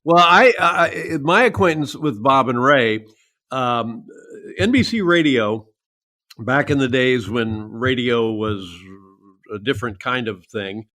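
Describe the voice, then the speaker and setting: A man's voice: mid-range voice, animated, takes it slowly, pushed and bright. An older man as a podcast guest, recalling old memories in a rambling, hesitant way. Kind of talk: casual interview chat.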